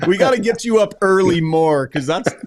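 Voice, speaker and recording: A man's voice: high voice, animated, unhurried. A man reading listener questions on a hockey podcast in an upbeat, jokey way. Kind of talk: casual sports chat.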